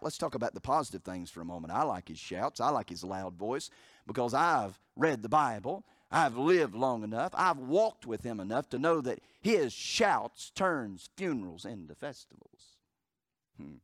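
Fervent preacher, hushed to booming. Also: male voice, dry recording, studio quality. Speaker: pastor. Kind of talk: sermon. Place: church sanctuary.

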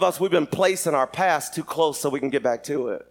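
High-voiced animated male preacher. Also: a little fast, hardly any pauses. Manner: animated, shouting at peaks, laughing. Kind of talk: sermon.

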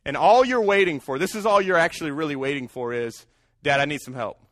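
Preaching man, high voice, dry sound. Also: brisk, no echo. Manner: calls out to the congregation for responses. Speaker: pastor. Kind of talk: sermon.

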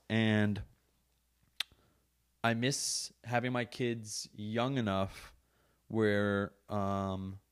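A man in his thirties riffs loosely on his own podcast, swearing freely and joking as he rambles. His voice sits at a middle pitch, and he recorded it in a podcast studio. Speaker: podcast host. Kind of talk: casual rant.

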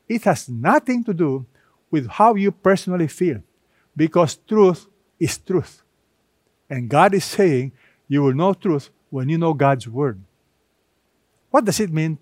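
A man preaching a sermon with emphasis, slowing down to press key words. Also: a little high, a little mellow, dry recording, clean studio sound. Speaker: pastor.

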